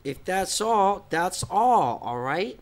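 A man's voice: high-pitched, sing-song, slow pace, heavily acted. An actor playing a protective adult son who teases his housemates and stands up for his mother.

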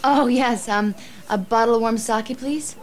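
An actress playing a polite, soft-spoken American woman traveler with an American accent. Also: on the high side, measured pace, close to an everyday voice, rough recording. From United States.

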